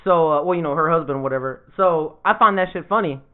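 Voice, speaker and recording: A man's voice: a little high, quick pace, clear, resonant tone. A man in casual podcast banter, joking and swearing a lot and laughing often at his own stories. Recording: phone-like narrow sound.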